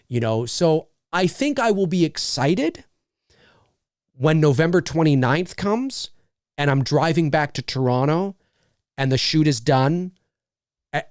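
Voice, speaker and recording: A man's voice: fairly high pitch, no room sound, studio quality. A middle-aged man and voice actor hosting a casual livestream, rambling with lots of fillers as he reads viewer messages. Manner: rambling, many fillers and restarts.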